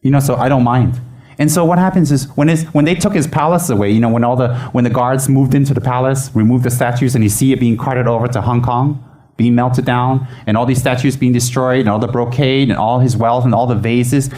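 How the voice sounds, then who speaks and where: Mellow-voiced man giving a dharma talk. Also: medium pitch, a little fast. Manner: chatty and animated, with laughs and frequent restarts. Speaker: Buddhist teacher. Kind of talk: informal dharma teaching.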